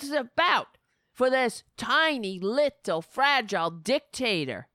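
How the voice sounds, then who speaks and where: Slow, indignant woman venting politics. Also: on the high side, big pitch swings, bright, forceful tone, dry recording, clean studio sound. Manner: indignant, sarcastic, swearing. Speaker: political talk show host. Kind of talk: angry political commentary.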